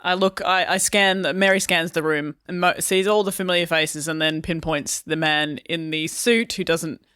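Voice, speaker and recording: A woman narrating her character's entrance in a tabletop role-play, quietly and haltingly. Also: on the low side, fairly even intonation, clear, resonant tone, dry recording, clean studio sound. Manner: quiet, halting scene-setting. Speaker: player.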